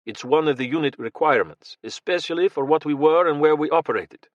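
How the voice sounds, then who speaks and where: A man's voice: on the high side, fairly quick, no echo, dull audio, voice pushed up, lightly acted. A man voicing a hostile Russian special-forces major in his mid-thirties, with a thick Russian accent and an angry, challenging manner. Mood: guarded.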